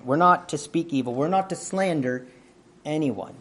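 A man preaching a sermon in a conversational teaching manner, often asking his listeners questions and clearing his throat. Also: mid-range voice, expressive, unhurried, a little hiss or hum.

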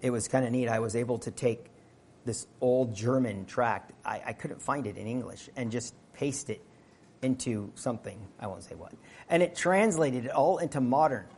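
A man preaching a sermon, earnest and emphatic, moving between loud stressed phrases and quiet asides. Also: medium pitch, normal speed, husky.

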